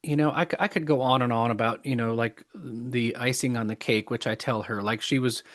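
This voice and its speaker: A middle-aged man being interviewed on a podcast, talking earnestly with many restarts and pauses. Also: mid-range voice, fairly even intonation, a bit bright. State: choked up with emotion. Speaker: podcast guest. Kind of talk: casual interview talk.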